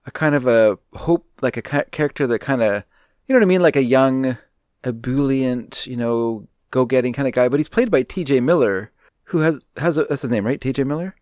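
A man co-hosts a casual movie podcast, agreeable and easygoing, hedging his points with likes and you-knows. His voice sits at an ordinary middle pitch. The sound is dry and close, with no room echo. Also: animated, moderate pace, darkish tone. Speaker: podcast co-host. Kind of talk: casual movie review chat.

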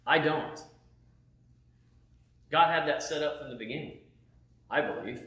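A man preaching a personal testimony in a casual, animated way, tossing in "man" and "right?" between his points. His voice sits a bit high for a man. The room is roomy and echoey, as if he is speaking at home. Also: measured pace. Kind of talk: sermon testimony.

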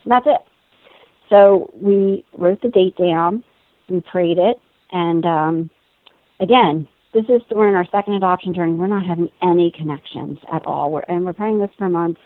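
A woman in her thirties tells a personal story in lively conversation, laughing and acting out what others said. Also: fairly low pitch, normal speed, dry recording. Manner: animated, laughing, acts out quoted voices. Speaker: guest telling a personal story. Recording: tinny phone-like sound.

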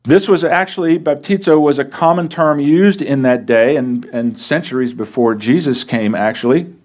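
A man's voice: a little high, moderate pace, a little mellow. Man preaching a plain conversational sermon. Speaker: pastor.

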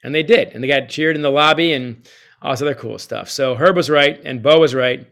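Male guest, author and ex-coach, animated storyteller, swings between loud and soft. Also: medium pitch, fairly quick, creaky. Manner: animated, quotes others, shifts loud and soft. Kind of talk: storytelling interview answer.

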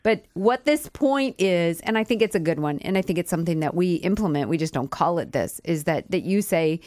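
Husky-voiced woman co-hosting Christian radio. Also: on the low side, fairly quick, dry recording. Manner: conversational, calm and reasoned. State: husky from a cold. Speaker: radio co-host. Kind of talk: Christian marriage radio talk.

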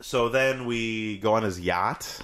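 A man's voice: lowish voice, slow pace, a bit bright. A man co-hosting a podcast, chatting casually and swearing, acting out lines in silly voices. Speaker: podcast co-host. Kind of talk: casual chat about a video game.

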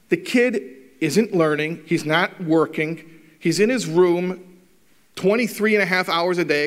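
Animated storytelling man, fairly high voice. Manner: animated storyteller, acts out dialogue; wry, teasing humour. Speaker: rabbi giving a talk. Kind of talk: talk to a live audience.

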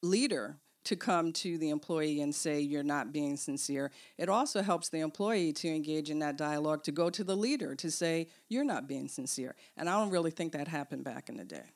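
A woman's voice: deep voice, normal speed, hardly any pauses. A woman co-hosting a casual discussion of a management book, earnest and explanatory with a teasing edge. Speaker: podcast co-host.

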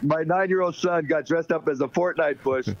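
Middle-aged guy, kinda high voice, rambly laughy storyteller, muffled lo-fi sound. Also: moderate pace. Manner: rambling, laughing storyteller full of "you know". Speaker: guest. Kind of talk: casual radio interview chat. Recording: dull lo-fi sound.

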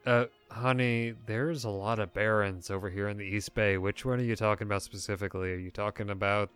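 A man's voice: on the low side, fairly even intonation, a little fast, a bit bright, clean tone, faint music behind, lightly acted. A man voicing a brash, foul-mouthed woman seer who fawns and then sneers. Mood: scornful. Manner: crude, swearing, fawning then scornful.

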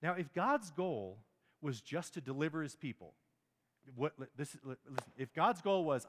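Male pastor mid-sermon, emphatic and questioning, slightly raised pitch, in a reverberant church hall. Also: expressive, moderate pace. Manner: emphatic, rhetorical questions, stumbles on words.

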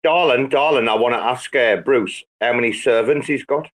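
A man, bantering loudly and swearing a lot in a rowdy group chat. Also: medium pitch, moderate pace. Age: 40s. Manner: swearing, rambling, loud and jokey. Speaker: Twitter Space participant.

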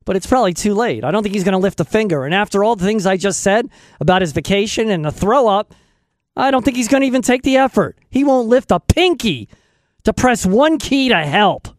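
A man's voice: high-pitched, lively intonation, a little fast, dry recording. A man hosting a radio show from a studio, rambling casually and joking at his own expense. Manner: joking, self-mocking, talks to himself. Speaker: radio host. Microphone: studio microphone.

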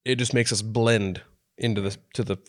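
A man's voice: lowish voice, normal speed. A man in his thirties from Oregon, telling a story on a podcast in casual chat and acting out the people he quotes. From Oregon, USA. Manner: animated storyteller who acts out quotes in shifting voices.

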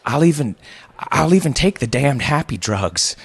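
A man's voice: mid-range voice, sing-song, normal speed, creaky, slightly rough, dry recording, voice pushed up, exaggerated voice. A man voicing an elderly father who speaks in a trembling, pleading way.

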